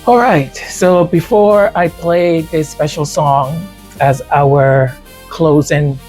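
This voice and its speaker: Man, stutters, tongue-tied, slow delivery, slightly higher voice, casual talk to viewers. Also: a little mellow, faint music behind. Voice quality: tongue-tied, some sounds hard to pronounce. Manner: stutters, repeating words. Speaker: music creator speaking to supporters.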